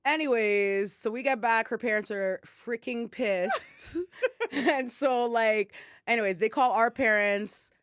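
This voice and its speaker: A woman's voice: a little high, slow pace, clean tone, no echo, studio quality. A young woman from Ottawa co-hosting a podcast, telling a story casually, swearing freely and acting out quotes. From Ottawa, Canada. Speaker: podcast co-host.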